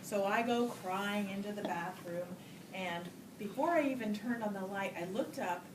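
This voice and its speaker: A woman's voice: mid-range voice, moderate pace, recorded from a distance. A woman giving a storytelling speech at a Toastmasters meeting, acting out voices and laughing often. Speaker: Toastmasters speaker. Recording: roomy hall recorded from afar with noise.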